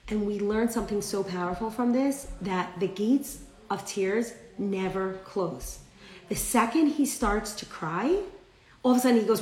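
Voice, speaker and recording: A woman's voice: mid-range voice, a little slow, a little mellow, roomy sound, low-quality recording. A woman teaching a live-streamed class, telling a story with animation and acting out the characters' lines. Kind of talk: live-streamed class, reading viewer comments.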